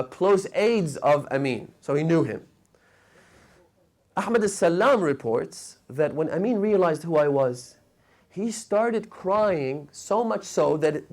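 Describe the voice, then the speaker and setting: A male preacher delivering a lecture in a fairly high voice. He tells stories with feeling, climbing to passionate peaks and then falling to quiet, hushed lines. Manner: storytelling, rising to emotional peaks and dropping to hushed tones. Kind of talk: sermon lecture. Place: mosque lecture hall.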